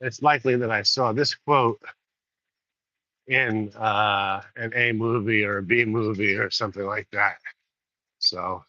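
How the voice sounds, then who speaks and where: Bright-voiced, rambling male podcast host. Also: lowish voice, steady tone, unhurried, pauses often, dry recording. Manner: rambling, laughs often, self-correcting. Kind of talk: casual solo podcast monologue. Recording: dull lo-fi sound.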